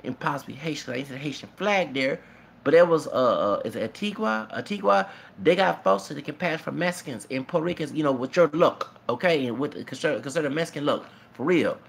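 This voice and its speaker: A man's voice: a little high, fast talker, creaky, slight background noise. A man ranting casually to his camera as a vlogger, rambling and repetitive, with emphatic asides.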